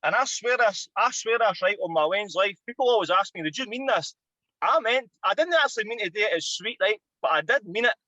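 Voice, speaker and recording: A Scottish man in his thirties, a former footballer and podcast guest, telling an animated, sweary anecdote. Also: sits high, a little fast, dry recording, muffled recording. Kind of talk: casual storytelling.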